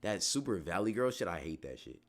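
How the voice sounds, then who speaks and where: A man's voice: low-pitched, very animated, brisk. A young man chatting casually on a livestream, answering his chat in a loose, slangy, rambling way full of restarts.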